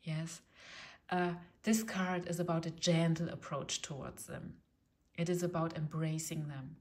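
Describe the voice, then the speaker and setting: Gentle German woman reading tarot. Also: sits low, fairly even intonation, unhurried. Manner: gentle, reassuring, often asks "yes?". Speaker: tarot reader. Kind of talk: casual tarot reading talk.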